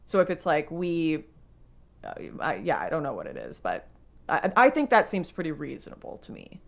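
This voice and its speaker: A woman talking casually on a live stream, dry and sarcastic, often pausing on fillers. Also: deep voice, huge pitch swings, creaky.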